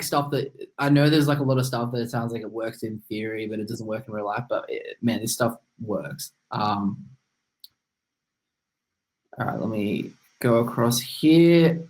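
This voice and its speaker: This man's medium-pitched voice comes at a normal speed through a rough recording. Presenting on a video call, he shares his screen and loosely explains each step, filler-heavy and numb-mouthed after a tooth extraction.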